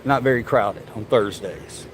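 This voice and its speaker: A man's voice: fairly low pitch, a little slow, noisy background. A man, chatting casually to viewers and to the animals while walking outdoors with a handheld phone camera. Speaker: vlogger. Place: outdoors at a zoo.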